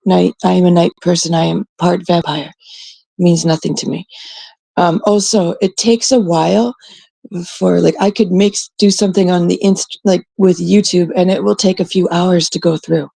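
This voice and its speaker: A woman from Canada talks to her viewers while sick, her voice low, gravelly and rough. She rambles slowly with plenty of fillers and curses, sounding husky and dark. The sound is dry and close. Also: no room sound, rough recording. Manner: rambling, swearing freely, many fillers. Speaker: channel host. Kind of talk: casual chat to viewers.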